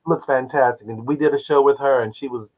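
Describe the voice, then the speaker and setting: A man in his seventies from Oklahoma, a guest who tells animated stories and acts out the voices of people he quotes. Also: mid-range voice, brisk. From Oklahoma, United States. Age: 70s. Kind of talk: casual interview storytelling. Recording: dull lo-fi audio.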